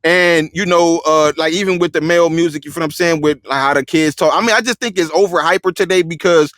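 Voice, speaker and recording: A middle-aged man hosting a casual interview, animated and laughing, filling talk with "you feel what I'm saying". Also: on the high side, fast, no room sound, clean studio sound. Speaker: interview host.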